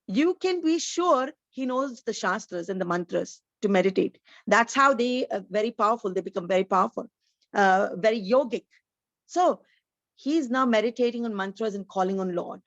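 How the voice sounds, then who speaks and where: A woman's voice: fairly high pitch, animated, normal speed, no echo, dull audio. A woman giving an online scripture lecture, explaining each point earnestly, like a teacher.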